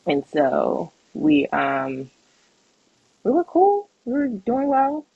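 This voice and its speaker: A young woman with a husky, breathy voice tells a personal story on a podcast and acts out the other people in it. The sound is close and dry with no room echo, and the audio is slightly dull and lo-fi. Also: medium pitch, slow. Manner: animated, acts out quoted voices, laughs often. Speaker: podcast co-host.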